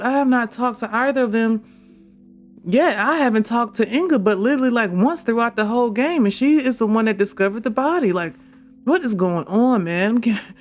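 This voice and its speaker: A gamer giving casual, animated commentary over a detective game playthrough, often exclaiming and laughing. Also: medium pitch. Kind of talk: casual let's-play commentary. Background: game music.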